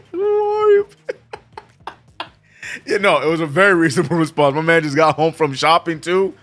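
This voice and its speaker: A man hosting a casual live watch-along stream, reading viewer chat aloud and reacting with sudden high exclamations. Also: moderate pace, fairly bright tone, a little hiss or hum. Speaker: streamer host.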